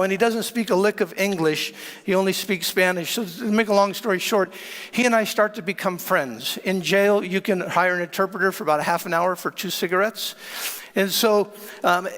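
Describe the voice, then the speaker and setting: A man with a high voice tells a personal testimony as a preacher. He talks in a dramatic, animated way, stumbling over and repeating words. His voice rings with a long reverb, as if in a large hall. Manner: animated, with stammered repeats and laughs.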